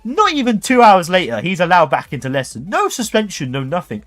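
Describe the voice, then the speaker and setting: Young man, livestream host, animated and jokey storyteller with a very lively delivery. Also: high voice, a little fast, few pauses, soft background music. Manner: animated, jokey, acts out voices.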